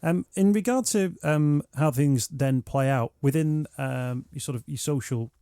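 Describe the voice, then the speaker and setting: Gentle, mellow-voiced male host. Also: a little high, a little slow, smooth, no echo, studio quality. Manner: gentle, thoughtful questioning. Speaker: radio show host. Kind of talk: interview questions.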